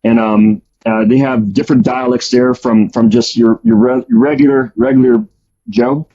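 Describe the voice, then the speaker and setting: A man's voice: mid-range voice, lively intonation, moderate pace, vocal fry, warm tone. A man casually telling a story about his past, with a rambling delivery full of fillers and restarts. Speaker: guest storyteller. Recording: dull lo-fi audio.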